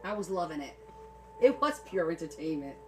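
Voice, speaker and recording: A woman's voice: sits low, big pitch swings, fairly quick, faint music behind. A woman hosting a crafting livestream, telling stories in casual chat and laughing often. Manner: chatty storytelling, laughs often.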